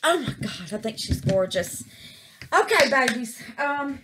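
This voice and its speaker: A woman's voice: high voice, big pitch swings, a little slow, a bit bright, a little hiss or hum. A woman gushing over her resin craft in a casual vlog, calling her viewers baby and y'all.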